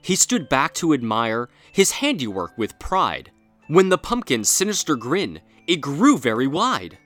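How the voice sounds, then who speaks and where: A man narrating a rhyming Halloween story in a playful, expressive storybook style. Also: on the high side, measured pace, faint music behind.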